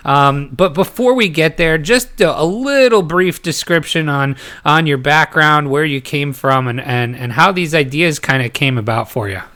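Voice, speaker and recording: A man's voice: fairly high pitch, moderate pace, few pauses, pushed and bright. A man hosting a podcast, introducing the show and teasing his co-host in joking banter.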